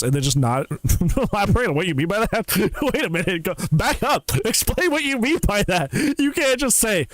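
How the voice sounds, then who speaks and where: A man's voice: high-pitched, very animated, normal speed, no room sound. A reaction streamer, a man, teasing and sarcastic as he mocks a clip, laughing between remarks. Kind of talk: mocking reaction commentary.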